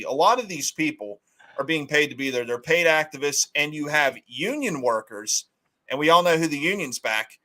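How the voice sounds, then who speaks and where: A man hosts a casual political livestream, bluntly arguing his opinions. His voice is medium-pitched, bright and forceful.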